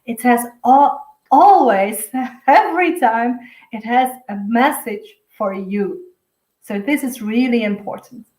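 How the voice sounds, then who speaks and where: A woman's voice: fairly high pitch, slow, darkish tone, roomy sound, poor audio. A woman, a native Dutch speaker, giving a rambling, chatty spiritual guidance talk as an intuitive reader, laughing often.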